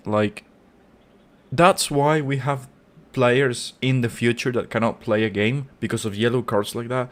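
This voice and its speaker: A man's voice: medium pitch, normal speed. Male fan-channel host reacting live to a match: heated, profane, informal rant. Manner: angry, swearing rant; informal, repeats words.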